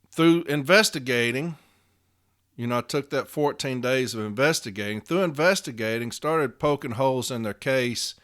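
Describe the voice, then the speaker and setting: A man's voice: mid-range voice, a bit bright, clean tone. A man hosting a podcast as a union advocate, telling work stories in a blunt, profane, casual way and chuckling often.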